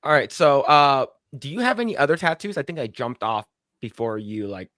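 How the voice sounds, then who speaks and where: A man's voice: mid-range voice, big pitch swings, brisk, fairly bright tone, no echo, studio quality. Laid-back man hosting a podcast. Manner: laid-back, lots of fillers, reads sponsor plugs. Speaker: podcast host. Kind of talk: casual podcast chat.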